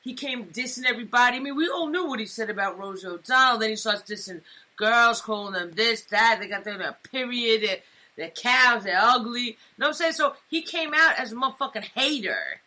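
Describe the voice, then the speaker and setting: A woman's voice: fairly high pitch, lively intonation, fairly quick, bright, forceful tone. A woman co-hosting a talk show, joking in casual streetwise slang. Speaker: co-host. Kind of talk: casual political banter.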